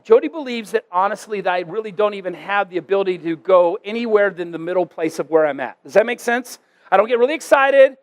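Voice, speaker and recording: A man preaching a sermon as a church pastor, conversational and animated, with self-deprecating asides. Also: very high voice.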